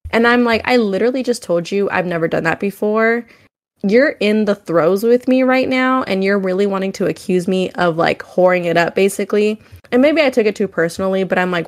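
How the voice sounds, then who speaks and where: A young adult woman co-hosting a podcast, telling frank personal stories in casual chat, with many "like"s and "um"s. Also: medium pitch. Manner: candid storytelling, frequent "like" and "um". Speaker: podcast co-host.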